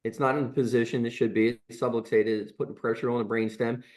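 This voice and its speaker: A man's voice: medium pitch, flat delivery, quick pace, a little mellow, close to an everyday voice. Guy playing a patient chiropractor explaining the same thing over and over, plain middle voice. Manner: repetitive, explanatory.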